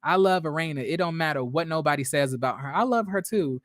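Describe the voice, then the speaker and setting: A man's voice: fairly high pitch, animated, fast talker, a bit bright, no echo, clean studio sound. A young man giving casual, profane reaction commentary on a reality show during a live stream, chatty, laughing a lot and restarting his sentences.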